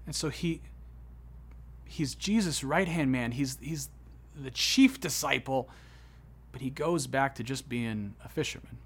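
A man preaching a sermon, retelling a story with swings between hushed, solemn passages and excited, rising ones. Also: mid-range voice, measured pace, long pauses, husky. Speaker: pastor.

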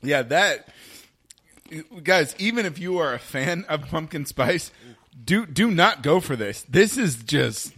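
A man's voice: on the high side, lively intonation, takes it slowly, fairly bright tone. A man with a slightly raised voice co-hosts a casual taste test. He groans and complains with exaggerated disgust at the food.

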